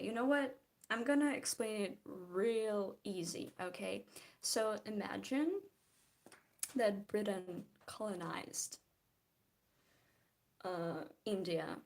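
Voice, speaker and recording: A woman's voice: a little high, a little mellow. A woman from Belarus with a Belarusian accent, chatting casually while she draws and answers live chat, often restarting her sentences. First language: Belarusian or Russian. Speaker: vlogger.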